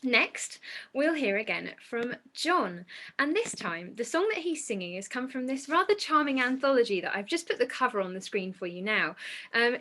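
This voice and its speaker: A woman's voice: high-pitched, a bit bright. A woman hosting an online concert from home, politely announcing the next performer. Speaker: concert host. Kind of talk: scripted announcing.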